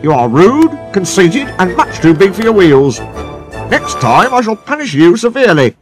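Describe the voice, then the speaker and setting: A man's voice: high-pitched, very animated, normal speed, over music, pitched above the performer's own voice. A man doing a stern scolding railway boss. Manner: severe and scolding. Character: stern, severe thin male controller.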